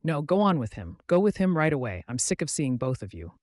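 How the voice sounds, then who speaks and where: A woman's voice: low voice, big pitch swings, fairly quick, a little mellow, no room sound, studio quality. A man voicing a reproachful, sobbing Scottish woman friend in an audiobook. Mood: bitter.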